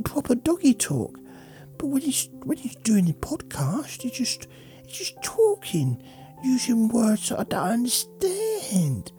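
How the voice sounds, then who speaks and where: A man voicing a bored, whiny male pet dog that complains in a breathy half-whisper. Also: extremely high pitch, dark tone, voice pushed up, exaggerated voice.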